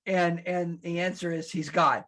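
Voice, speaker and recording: A man preaching a sermon as pastor, conversational and animated, acting out quotes and restarting his sentences. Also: fairly high pitch, unhurried. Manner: animated, acts out quotes, laughs at his own lines.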